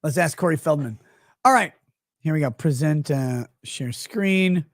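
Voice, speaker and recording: This man hosts a livestream, speaking unhurriedly in a fairly high voice with lively intonation. His casual commentary is crude, profane, and rambling, and he reads out chat messages. The sound is clean studio audio with no room sound.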